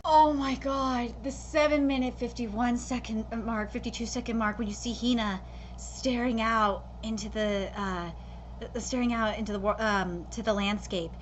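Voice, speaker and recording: A woman's voice: fairly high pitch, steady tone, normal speed, lo-fi sound, a little hiss or hum. A young woman giving an emotional live reaction to an anime episode, gushing and full of fillers and restarts.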